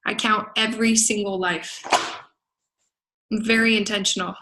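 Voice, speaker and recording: In a rough recording from a Las Vegas event venue, a middle-aged business coach delivers a forceful, emphatic motivational talk at a moderate pace. Her mid-range voice is bright with fairly even intonation, and she laughs a lot and asks "right?" often.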